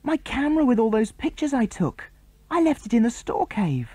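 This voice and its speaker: An excitable young boy from a storybook, high-pitched and anxious, as a man puts him on. His voice jumps well above the reader's own and gets pleading when upset. The sound is close and dry. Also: unhurried, husky, no room sound. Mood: dismayed.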